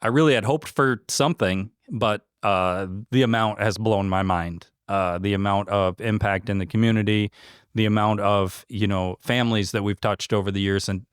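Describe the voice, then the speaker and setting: A man talks earnestly about his business in a relaxed interview, his low voice smooth and resonant. He speaks with heartfelt emotion and many fillers and restarts. The sound is dry and close. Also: moderate pace, no echo. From Michigan. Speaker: franchise owner, interview guest. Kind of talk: casual interview conversation.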